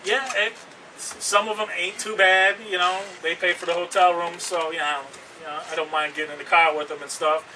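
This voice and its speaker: A boastful man delivers a wrestling promo interview with a high, piercing, tense voice. He trash-talks with swagger. The mic sits some way off, with a faint hiss behind him. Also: level tone, fairly quick, pushed and bright. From Canada. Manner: cocky, boastful, trash-talking. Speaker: pro wrestler. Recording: distant mic with background noise.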